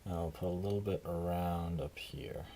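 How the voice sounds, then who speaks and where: A man's voice: low-pitched, fairly even intonation, moderate pace, very noisy. A tired man talking casually through his hobby crafting work, rambling and self-deprecating. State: tired, yawning. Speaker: hobby video maker.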